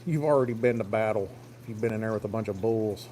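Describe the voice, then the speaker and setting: A man's voice: on the low side, fast talker, warm tone, a little hiss or hum. A man, telling a rambling, plain-spoken farm story on a phone livestream. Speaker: farm vlogger. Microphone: phone camera.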